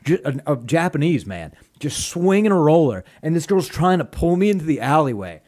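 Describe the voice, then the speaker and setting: A man's voice: a little high, very animated, brisk, darkish tone. A young man, a comedian guest on a podcast, telling a rambling, profane story in casual chat. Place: podcast studio.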